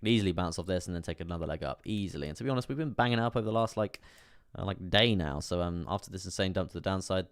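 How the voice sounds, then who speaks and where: A man's voice: deep voice, very fast, hardly any pauses, clear, resonant tone, no echo, clean studio sound. A man hosting a live stream, casually talking through charts, repeating himself and reassuring his viewers. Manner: repetitive, reassuring, chatting with viewers. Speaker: crypto live stream host.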